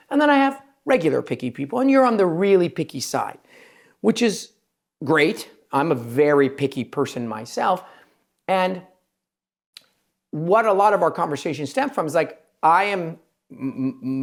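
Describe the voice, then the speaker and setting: A plastic surgeon who hosts a podcast talks in an emphatic, rambling way during a casual interview chat. His voice sits on the high side, and he quotes his patients in quick asides.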